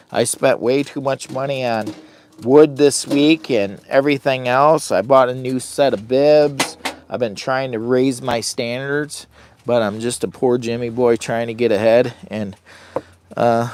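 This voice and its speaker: A man's voice: medium pitch, unhurried, a little mellow, slight background noise. Rambling, chatty man livestreaming from a tent. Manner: chatty, hypes viewers to like and share. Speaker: vlogger livestreaming from a camping trip. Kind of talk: rambling casual live-stream chat. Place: inside a heated tent at a campsite. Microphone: phone.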